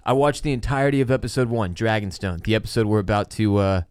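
A man's voice: fairly low pitch, fast, darkish tone, smooth, no room sound. A man co-hosting a casual podcast, bantering with dry sarcasm. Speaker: podcast co-host.

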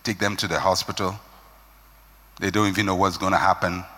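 A man's voice: low-pitched, steady tone, a little fast, bright, forceful tone, slightly rough. A man preaching a sermon with an emphatic, rising and falling cadence. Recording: long hall reverb.

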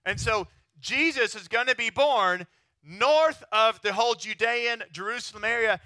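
A pastor from Texas preaching a sermon in a lively, chatty way, often checking in with his listeners. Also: very high voice, moderate pace, dry recording, studio quality. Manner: animated, chatty, keeps asking the crowd "right?".

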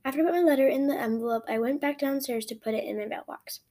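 A high-voiced woman reads her own story aloud for her podcast. She reads with plenty of expression, stumbles often and corrects herself as she goes. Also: fast. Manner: expressive, with frequent restarts. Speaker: podcast host reading a story.

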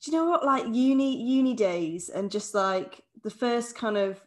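A woman's voice: fairly high pitch, normal speed. A woman around thirty, co-hosting a podcast in casual chat and steering it with questions. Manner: easygoing, steers the conversation with questions. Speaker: podcast co-host.

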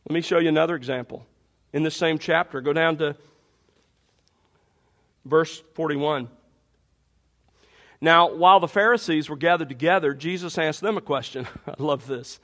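A man with a fairly high voice preaches a sermon. He teaches through a Bible passage with energy, leaning on emphatic rhetorical questions to drive each point home. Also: moderate pace, pauses often, a bit bright. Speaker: pastor.

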